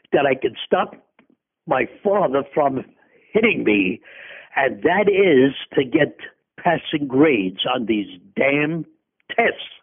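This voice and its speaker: Older male guest, gravelly and husky, rambling storyteller, tinny phone-line sound. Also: fairly high pitch. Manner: rambling, animated storytelling with tangents and self-corrections. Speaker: interview guest. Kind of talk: storytelling in a conversation.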